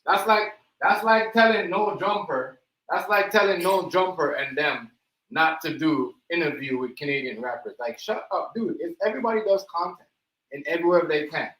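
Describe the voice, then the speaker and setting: A man's voice: a little high, normal speed, fairly bright tone, rough recording. A man hosting a reaction livestream, ranting in a heated, mocking way and repeating himself. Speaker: livestream host.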